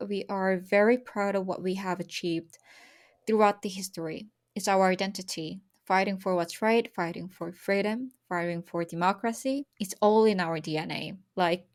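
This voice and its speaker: A young woman from South Korea, speaking earnestly and with emotion as a podcast guest about her country's history. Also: medium pitch. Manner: earnest, emotional, repetitive emphasis. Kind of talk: personal conversation about history.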